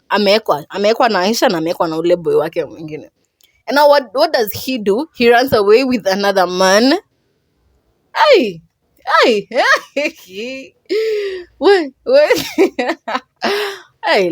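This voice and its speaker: A young woman with a Kenyan accent talks through a film plot in a loose, chatty podcast style, switching freely between English and Swahili. Her pitch sits mid-range for a woman, and her delivery is animated and expressive. The recording is close and dry, with no room sound. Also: dry recording. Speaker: podcast host and movie reviewer. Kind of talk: casual podcast movie review.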